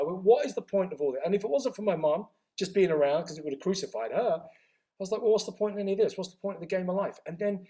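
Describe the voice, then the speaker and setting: A middle-aged man, his voice sitting fairly high for a man. He tells his story in an animated, conversational way and slips quickly into the voices of the people in it. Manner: animated, acts out dialogue with quick reported speech. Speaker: interview guest.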